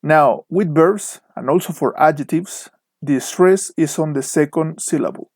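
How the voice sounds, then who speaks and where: Young male English teacher, Mexican accent, slightly high voice, slow and deliberate delivery, dry close recording. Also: a little mellow, no echo. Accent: Mexican Spanish. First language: Spanish. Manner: slow, deliberate, spells out word pairs with careful stress. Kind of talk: online lesson narration over slides.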